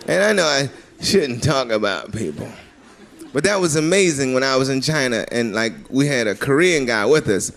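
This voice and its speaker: A man doing a stand-up routine in a comedy club, rambling loosely and breaking into shouted high-pitched bits. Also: very animated, normal speed, a crowd in the background. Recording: live club recording with audience laughter and noise.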